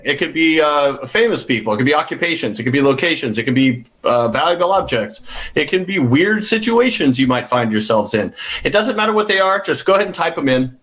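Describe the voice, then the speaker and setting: A man's voice: on the high side, a bit bright. A man hosting an online improv comedy show, upbeat and loose, explaining games and taking suggestions.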